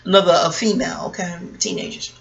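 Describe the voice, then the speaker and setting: A middle-aged woman vlogger telling a story in a casual monologue, profane, animated and wisecracking. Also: lowish voice, fast talker, gravelly, lo-fi sound.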